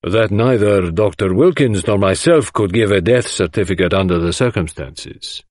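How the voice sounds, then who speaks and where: A grave, bearded doctor speaks in clipped, measured sentences, as a male narrator puts him on. His voice sits low and steady. The recording is dry and close to the mic. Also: no echo.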